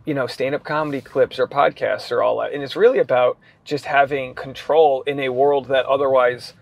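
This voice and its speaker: A man's voice: medium pitch, fairly even intonation, vocal fry, no room sound. A man in his thirties hosting a podcast, chatting casually and joking around with his guest. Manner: joking, rambling, quick to laugh. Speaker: podcast host. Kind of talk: casual chat.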